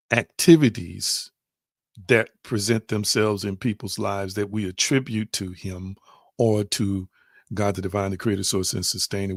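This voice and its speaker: A man's voice: lowish voice, creaky, no room sound, clean studio sound. A man giving a live-streamed spiritual teaching, repeating his phrases, putting questions to viewers and reading their comments aloud.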